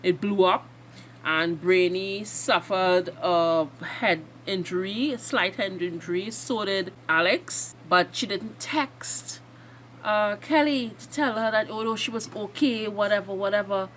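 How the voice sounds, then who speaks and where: A woman hosting a reaction video, excitably and emotionally recapping a TV episode in a rambling way. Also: mid-range voice, a little slow, slight background noise.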